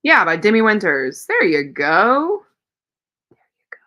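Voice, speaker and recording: A woman's voice: mid-range voice, big pitch swings, unhurried, sharp tone. A woman hosting a casual reading livestream, chatting and telling stories as she reads viewer comments aloud and answers them. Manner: tells rambling personal stories. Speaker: host of a reading sprint livestream.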